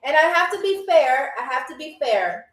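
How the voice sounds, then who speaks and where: A woman's voice: high-pitched, very animated, moderate pace, fairly bright tone, echoey room, far from the mic, slight background noise, rough recording. A woman hosting a live online game show in a playful, chatty, teasing way. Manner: chatty, teasing, laughs often.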